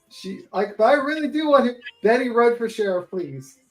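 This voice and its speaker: A man's voice: very high-pitched, low-quality recording. A man joking and mocking in a casual live panel chat, laughing often.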